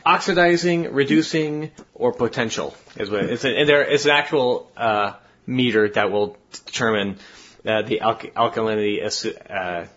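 A man's voice: mid-range voice, normal speed. A man co-hosting a podcast, talking casually and rambling with many restarts. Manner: rambling, restarts, trails off quietly. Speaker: podcast co-host. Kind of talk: casual chat. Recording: dull lo-fi podcast audio.

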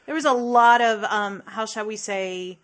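A woman's voice: mid-range voice, steady tone, measured pace, a bit bright. A woman co-hosting a casual podcast chat, emphatic and blunt, swearing freely. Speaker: podcast co-host.

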